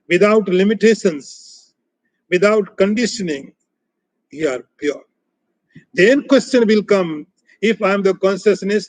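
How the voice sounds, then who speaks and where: High-voiced man giving a scripture lecture. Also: no room sound, rough recording. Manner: short repeated phrases, often trailing softer; measured, emphatic teaching. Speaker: spiritual teacher.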